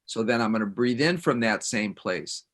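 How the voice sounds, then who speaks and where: A man leading a guided breathing exercise in a gentle, calm way. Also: fairly low pitch, normal speed, slight background noise. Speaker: breathing instructor.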